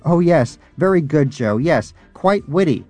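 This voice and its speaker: A man voicing a smug, greedy male pet rodent in a high, theatrical, mock-posh voice. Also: lively intonation, measured pace, mellow, faint music behind, close to an everyday voice. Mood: sarcastic.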